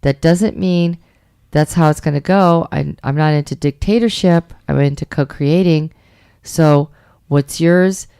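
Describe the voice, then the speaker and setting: A middle-aged woman co-hosting a radio talk show, chatting about dating in an animated, emphatic way. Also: sits low, measured pace, clean tone, no room sound, clean studio sound. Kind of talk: casual chat about dating.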